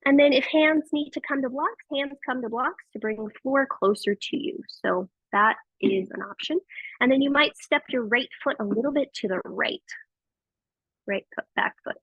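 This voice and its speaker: A woman teaching a yoga class, giving gentle and encouraging cues with frequent praise, on tinny phone-like audio. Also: sits high, normal speed, slightly rough, dry recording. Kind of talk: guiding a live yoga class.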